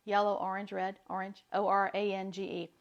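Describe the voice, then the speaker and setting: A woman's voice: mid-range voice, little pitch movement, fairly quick, creaky, dull audio. A woman with a light Southern accent, giving a chatty, upbeat live talk as a wellness coach. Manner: chatty, upbeat, laughs often.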